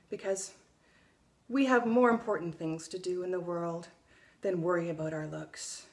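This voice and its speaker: A woman's voice: fairly low pitch, a bit bright. A young adult woman vlogging in a casual, blunt way, swearing freely and telling stories with energy. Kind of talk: casual opinion vlog.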